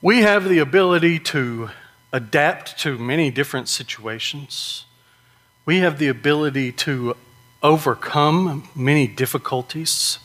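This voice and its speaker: A man preaching a sermon in a conversational way, often asking "right?" and slowing down to stress key points. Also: a little high, a bit bright. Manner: conversational, with frequent rhetorical "right?".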